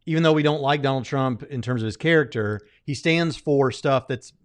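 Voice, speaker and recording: A man's voice: mid-range voice, moderate pace. A man co-hosting a podcast, arguing his point step by step in casual commentary. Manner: argumentative, builds a case step by step. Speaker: podcast co-host.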